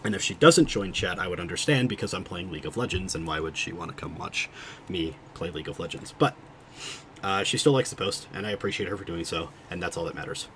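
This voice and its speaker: Low-voiced guy streaming a game, rambles and cuts himself off a lot, talks to chat at his desk mic, faint hiss behind. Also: fast talker. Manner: rambling, self-interrupting, thinking out loud. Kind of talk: casual livestream chat while gaming.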